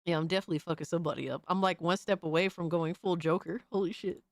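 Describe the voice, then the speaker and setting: A young woman streamer giving excitable, profane live reaction commentary, full of hype shouts and swearing. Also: on the low side, fast talker, dry recording, clean studio sound. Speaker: streamer host.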